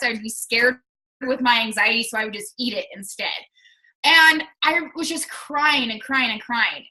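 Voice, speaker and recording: A young woman from Washington state talks candidly to her team on a casual call. Her voice sits high and sounds very bright and sharp, and she is chatty and earnest, with "like" in nearly every sentence. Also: rough recording. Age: 20s. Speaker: fitness coach.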